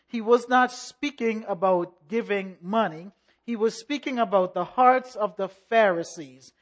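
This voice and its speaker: A pastor preaching a sermon with rhythmic repetition and call-and-response, in a measured, emphatic delivery. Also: medium pitch.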